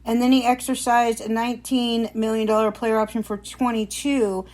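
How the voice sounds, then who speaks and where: A woman's voice: on the high side, flat delivery, normal speed, a little mellow. A woman co-hosting a casual fantasy baseball chat, blunt and bantering. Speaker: podcast co-host.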